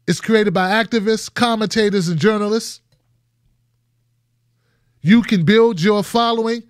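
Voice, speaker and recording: High-voiced emphatic male show host. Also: dry recording, clean studio sound. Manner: emphatic and repetitive, restarts phrases. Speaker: host of a political commentary show. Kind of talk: casual monologue to viewers.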